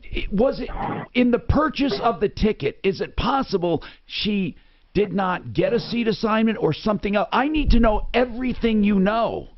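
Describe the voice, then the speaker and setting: A man hosting call-in talk radio, pressing the caller with quick questions. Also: sits high, expressive. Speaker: talk show host. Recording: slightly dull lo-fi audio.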